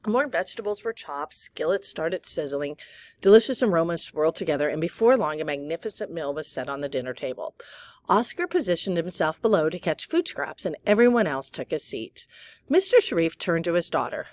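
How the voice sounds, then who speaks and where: Woman reading a kids book out loud, calm, low-ish voice, little slips here and there. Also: a little fast, no echo. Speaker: audiobook reader. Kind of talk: reading a children's novel aloud.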